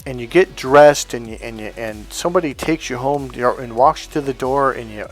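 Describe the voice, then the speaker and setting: A middle-aged man teaching dating advice in a casual, blunt way, swearing often and telling animated stories. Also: mid-range voice, a little fast, soft background music. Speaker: dating coach. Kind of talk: casual spoken lesson.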